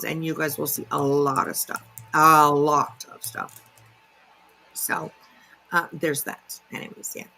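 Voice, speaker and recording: A woman's voice: lowish voice, bright, forceful tone, low-quality recording. A woman hosting a casual livestream, chatty and filler-heavy, greeting viewers by name. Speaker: livestream commentary host.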